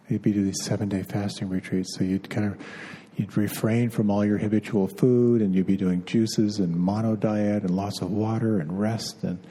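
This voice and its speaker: A man giving a dharma talk as a meditation teacher, gentle and unhurried, pausing often and repeating words as he searches for them. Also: lowish voice, husky. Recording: long hall reverb.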